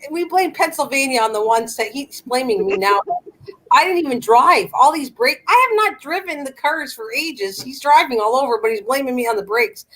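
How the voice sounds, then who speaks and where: A woman's voice: high-pitched, a bit bright, rough recording. An older Canadian woman hosting a live chat, telling stories in a chatty way and laughing often. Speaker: livestream host chatting with viewers.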